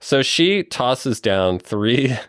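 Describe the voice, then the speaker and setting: A man's voice: mid-range voice, very animated, very slow, fairly bright tone, smooth, dry recording, studio quality. A man narrating a tabletop role-playing game as game master, rambling and chuckling as he describes scenes.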